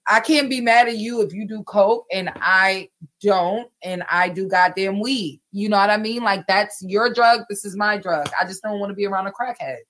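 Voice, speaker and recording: A woman's voice: mid-range voice, normal speed, a bit bright. A woman guest chatting casually in a brash, rambling, crude way. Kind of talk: casual chat.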